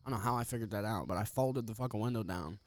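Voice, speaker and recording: A young man with a lowish voice talks very fast while co-hosting a podcast, telling rambling, heavily profane stories with animated energy in casual chat. There is no echo.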